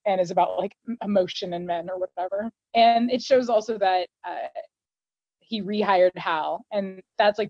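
A woman co-hosting a podcast, casually recapping an episode and acting out the characters' lines in quick voices. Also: medium pitch, no room sound, lo-fi sound. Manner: chatty, quotes characters in quick put-on voices. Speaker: podcast co-host.

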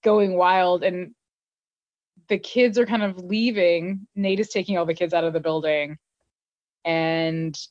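A woman's voice: lowish voice, fairly even intonation, a little slow, a little mellow, no echo. A woman co-hosting a podcast, recapping an episode in casual, laughing, filler-heavy chat. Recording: dull lo-fi dry recording.

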